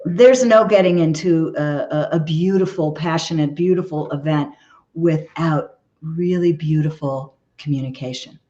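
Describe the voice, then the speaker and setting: A woman's voice: sits low, a little slow, warm tone, muffled recording. A woman guesting as a relationship expert, talking earnestly in an interview and often checking in with "okay?". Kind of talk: conversational interview advice.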